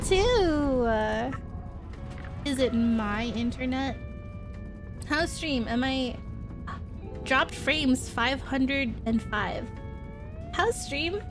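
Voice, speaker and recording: High, lively woman streamer. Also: drawn-out words, long pauses, music in the background. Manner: playful, exclaiming and laughing often. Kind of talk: casual gameplay chatter.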